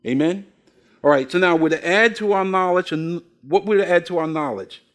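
A man's voice: high voice, normal speed. An older man preaching a sermon, asking the congregation questions and telling folksy stories with acted-out voices. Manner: folksy storytelling, acts out quoted voices. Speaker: pastor.

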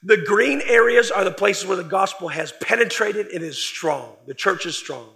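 A man preaching a sermon, emphatic, with loud stressed words that drop to quiet trailing phrases. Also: sits high, normal speed, vocal fry.

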